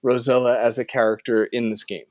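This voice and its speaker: A man's voice: mid-range voice, level tone, fairly quick, a little mellow, no room sound. Easygoing male podcast host, dry sound. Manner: rambling, self-correcting, wraps up with offhand plugs. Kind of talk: casual podcast chat.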